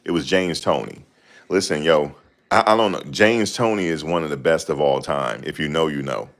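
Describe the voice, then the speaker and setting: A man's voice: extremely low pitch, normal speed. A man in casual chat, talking in a slangy, rambling way and often searching for names. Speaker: host.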